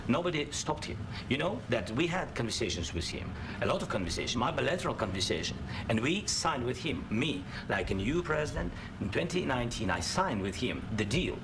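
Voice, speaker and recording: A man speaking English as a second language in a heated debate, halting and insistent. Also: mid-range voice, sing-song, noisy background. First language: not English. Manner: halting non-native phrasing, insistent.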